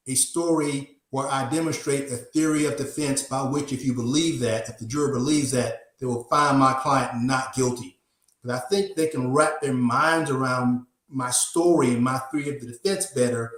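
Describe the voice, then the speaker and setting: A man who works as a criminal defense attorney talks through a case on a podcast. He is measured and plainspoken, and he often repeats a word before finishing his thought. His mid-pitched voice carries an echoey room sound. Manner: measured, repeats words while thinking. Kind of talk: conversational legal analysis.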